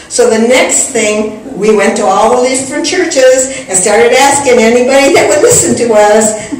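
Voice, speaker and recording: A woman's voice: a little high, normal speed. A woman spiritual teacher telling a personal story in an earnest manner, acting out the dialogue she recounts. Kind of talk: storytelling talk. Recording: very echoey hall from a distance, faint noise.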